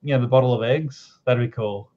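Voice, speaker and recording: A man's voice: medium pitch, fairly quick. A man joking and laughing his way through a casual chat as a stream co-host. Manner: joking, goofy, laughs a lot. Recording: dull lo-fi stream audio.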